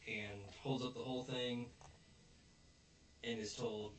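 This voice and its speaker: A man's voice: mid-range voice, a little slow, long pauses, background noise. A man casually recapping a show episode, acting out the characters' lines as he retells scenes. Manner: retells scenes with animated quoted voices. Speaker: podcast co-host. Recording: roomy echo, distant mic.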